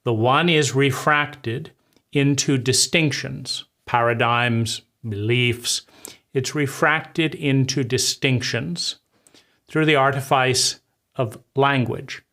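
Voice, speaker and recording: A man's voice: mid-range voice, slow, sharp tone. A man giving an impassioned lecture on trauma, emphatic and sweeping, piling phrase on phrase. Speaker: trauma speaker.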